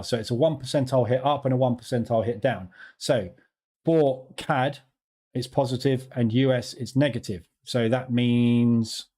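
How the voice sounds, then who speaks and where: Laid-back guy on a studio mic, warm mellow tone, greeting chat by name. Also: mid-range voice. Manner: chatty, greets viewers by name, laughs easily. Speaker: live trading stream host. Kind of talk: casual live-stream chat. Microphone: studio microphone.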